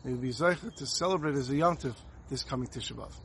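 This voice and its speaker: A man's voice: medium pitch, fast, vocal fry, fairly bright tone. Guy giving a torah talk, earnest storyteller, bit of hiss behind. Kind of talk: sermon with storytelling.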